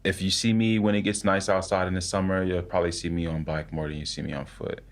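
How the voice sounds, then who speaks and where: A young man with a very low, deep voice tells a story as a podcast guest. He speaks casually and haltingly. He keeps restarting his sentences and filling them with "like". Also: little pitch movement. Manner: halting, full of "like" and repeated words.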